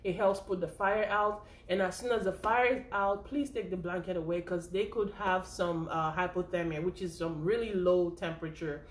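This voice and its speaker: A woman's voice: lowish voice, steady tone, normal speed, hardly any pauses, slight background noise. A woman giving an informal first aid lesson, chatty and a little out of breath, checking in often with "okay?" and "right?". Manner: chatty, repeats points with frequent "okay?" and "right?". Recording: echoey room.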